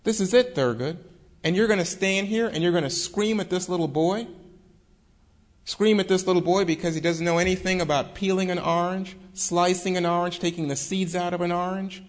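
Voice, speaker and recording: Man doing a stern old law dean giving a lecture, earnest scolding, pitched up a bit. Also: brisk, lightly acted. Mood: stern lecturing.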